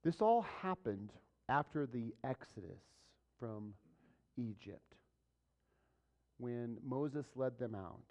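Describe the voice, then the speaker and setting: A man's voice: medium pitch, warm tone. A man preaching a sermon as a pastor, talking conversationally and asking the congregation rhetorical questions. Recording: dull lo-fi recording.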